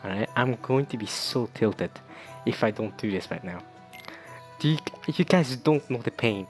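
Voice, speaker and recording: Brief: young male gamer, casual let's-play commentary, mid-range voice, excitable and tripping over his words. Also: mid-range voice, normal speed, soft background music. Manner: excitable, stammering and repeating himself. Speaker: gaming video creator.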